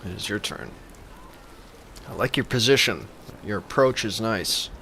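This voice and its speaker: A man's voice: fairly low pitch, animated, a little slow, sharp tone, a little hiss or hum. A man giving comedic gameplay commentary as a gaming YouTuber, joking in a playful, mock-reverent way.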